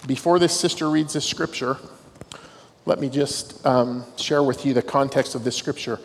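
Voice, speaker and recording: This dean of students, a middle-aged man, uses a mid-range voice at a moderate pace, with a little hiss or hum on the recording. He tells stories with dry, self-deprecating wit in a devotional talk, his words echoing with long reverb through a large campus hall.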